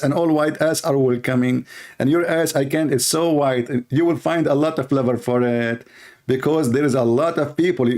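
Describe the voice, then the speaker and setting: A man's voice: mid-range voice, darkish tone. A man giving a sarcastic, insulting rant in a video commentary, speaking English with loose grammar. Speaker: religious critic answering a video.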